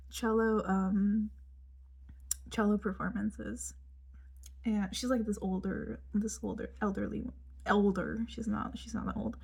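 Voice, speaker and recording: A woman's voice: mid-range voice, gravelly, darkish tone, husky. A young woman telling a rambling casual story, full of fillers and dropping into whispered asides while she does her makeup. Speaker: vlogger.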